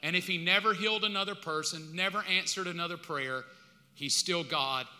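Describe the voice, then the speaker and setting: Speaking at an ordinary pace, this U.S. man delivers his sermon in a high-pitched, pushed, bright voice, dropping slang and chatting informally as pastor. His words ring out with the lengthy reverb of a big hall.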